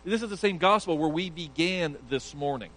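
A man's voice: on the high side, normal speed, fairly bright tone, slight background noise, low-quality recording. A male pastor preaching an earnest sermon, emphatic and sometimes stumbling over restarts.

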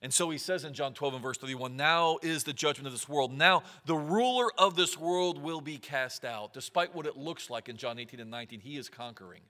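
Bright-voiced male preacher in a hall. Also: on the high side. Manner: earnest, reads scripture aloud with rising emphasis. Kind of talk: sermon.

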